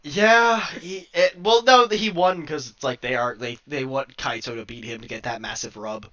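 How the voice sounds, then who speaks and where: Guy rambling on a podcast, bright voice, lo-fi dull audio, laughs a lot and swears. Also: mid-range voice, normal speed, slight background noise. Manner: rambling, laughs often, swears, gets worked up. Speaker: podcast co-host. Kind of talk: casual wrestling review chat. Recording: dull lo-fi sound.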